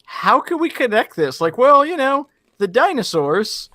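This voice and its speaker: A man's voice: very high-pitched, very animated, measured pace, sharp tone, dry recording, studio quality. A man co-hosting a casual movie commentary, rambling with lots of "like" as he argues his point. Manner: rambling, many "like"s, defensive. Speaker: podcast co-host.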